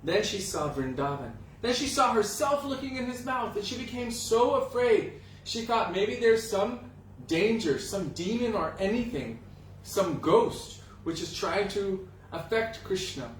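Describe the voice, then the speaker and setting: A man telling a devotional story to a gathering in an animated way, acting out the voices of the characters. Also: high voice, unhurried, slight background noise. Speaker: spiritual teacher. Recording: roomy echo, distant mic, faint ambience.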